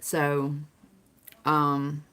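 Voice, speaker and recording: Slow-talking Southern woman, chatty livestream. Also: sits low, monotone, bright, forceful tone, clean tone. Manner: chatty, reads and answers viewer comments. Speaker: livestream host. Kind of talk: casual livestream chat with viewers.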